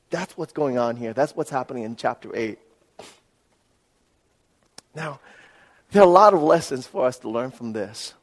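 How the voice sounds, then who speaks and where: A man preaching a sermon, telling a personal story in an earnest, animated way and often checking in with "right?". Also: mid-range voice. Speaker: pastor. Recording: reverberant hall.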